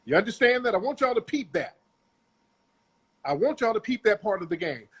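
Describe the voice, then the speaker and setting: Man, middle-aged, husky and somewhat high-pitched, lecturing his audience in a blunt, profane rant about a clip. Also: sing-song, a little fast. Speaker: commentator. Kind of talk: ranting commentary on a video clip.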